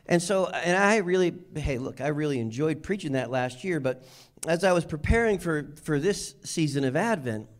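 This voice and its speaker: A man preaching a sermon to his congregation in a church, casual and conversational, building to emphatic peaks. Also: mid-range voice. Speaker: pastor. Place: church sanctuary.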